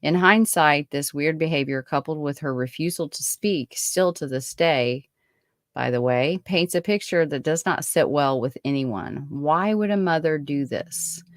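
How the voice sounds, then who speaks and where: A woman's voice: deep voice, unhurried, dry recording, clean studio sound. A woman hosting a true-crime podcast, reading her own write-up of a case in a casual way, with chatty asides and frequent fillers. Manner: chatty, many fillers and restarts between read passages.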